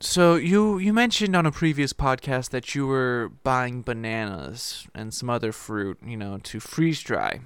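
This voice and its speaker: A man's voice: mid-range voice, expressive, unhurried, few pauses, clean tone, no room sound. A man co-hosting a podcast in casual chat, easygoing and wry with his friend. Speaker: podcast co-host.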